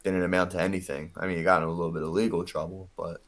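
A man's voice: low voice, flat delivery, very fast, fairly bright tone. A man in casual sports talk, emphatic and swearing.

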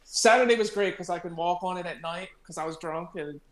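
A man's voice: sits high, brisk, a crowd in the background. A young man telling a rambling story in casual chat, laughing and swearing. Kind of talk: casual storytelling among friends. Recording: roomy echo.

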